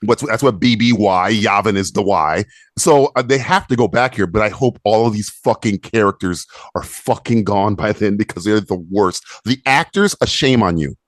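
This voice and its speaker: A man's voice: moderate pace, no room sound, studio quality. A man co-hosting a podcast, ranting in casual chat with lots of swearing and mocking put-on voices. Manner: animated, profane, mocking with squeaky put-on voices. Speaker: podcast co-host.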